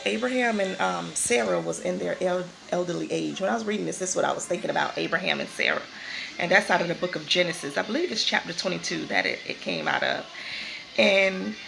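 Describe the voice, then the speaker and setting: Gravelly woman talking about faith. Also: medium pitch, noisy background. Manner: conversational, repeats and restarts phrases. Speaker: vlogger giving a faith talk. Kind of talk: casual spoken devotional.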